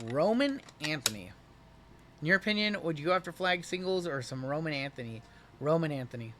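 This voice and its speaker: A man's voice: on the high side, very animated, fairly quick, a bit bright, a little hiss or hum. A man hosting a live card-break stream, calling out each pull in an upbeat, chatty, teasing way.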